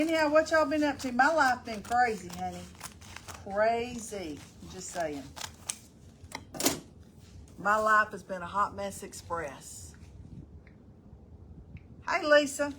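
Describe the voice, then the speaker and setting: A woman's voice: mid-range voice, lively intonation, measured pace, long pauses, background noise. A middle-aged woman chatting casually on a live stream, folksy and talkative, greeting viewers by name as she goes.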